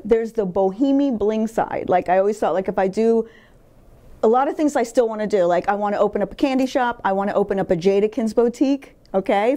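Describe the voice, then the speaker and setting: Speaking as an interview guest, a middle-aged woman lays out her life story in a candid, emphatic, blunt way and swears freely. The voice is a little high and mellow.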